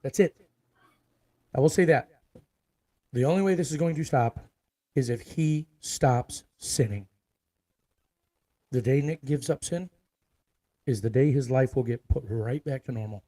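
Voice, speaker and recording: A man rants to his viewers in a low, dark voice, cursing freely and driving every point home by repeating it. He sounds forceful and fired up. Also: unhurried, long pauses, poor audio. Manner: profane, forceful, repeats himself for emphasis. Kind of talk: ranting video monologue.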